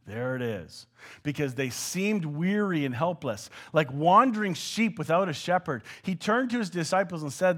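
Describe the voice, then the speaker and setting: A man preaching a sermon, moving between hushed asides and loud, acted-out shouts. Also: on the high side, lively intonation, normal speed.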